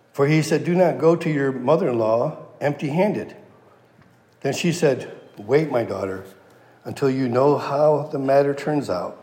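Male preacher, mid-pitched, expository sermon, voices the characters with lively paraphrase; long reverb, roomy hall sound.

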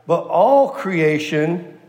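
A man preaching an expository sermon, slow and emphatic, repeating key phrases and asking his listeners questions. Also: fairly high pitch, expressive, a little mellow. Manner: asks the audience rhetorical questions. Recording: roomy hall with long echo.

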